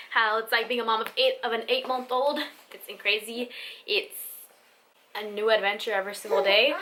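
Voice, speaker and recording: A young new mother who vlogs talks to camera candidly and from the heart, casually swearing and peppering her speech with "like" and "you know." Her voice is a little high with a sharp tone, over a slight hiss or hum.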